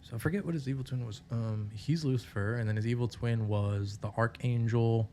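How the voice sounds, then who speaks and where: A man's voice: medium pitch, steady tone, brisk, dark tone, slight background noise. A man co-hosting a podcast in loose, profane casual chat. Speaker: podcast co-host.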